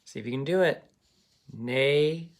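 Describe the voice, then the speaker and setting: A man's voice: fairly high pitch, lively intonation, unhurried. A man teaching a phonics lesson to children, patient and encouraging, checking in often with "okay?".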